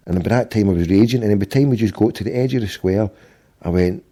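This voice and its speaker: A man's voice: fairly low pitch, fast talker, warm tone. A middle-aged Scottish man telling a long, rambling anecdote in casual podcast chat, swearing freely and acting out the quotes. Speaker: podcast host.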